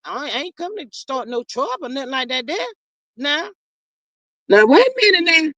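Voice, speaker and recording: Someone playing sassy Miss Marlene, high and lively. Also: moderate pace, no room sound, full character voice, poor audio. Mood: indignant. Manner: sassy, calls everyone honey and child; dramatic, playfully threatening. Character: sassy gossiping woman persona, Miss Marlene, quick to clap back. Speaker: livestream host reading viewer comments. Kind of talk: live chat.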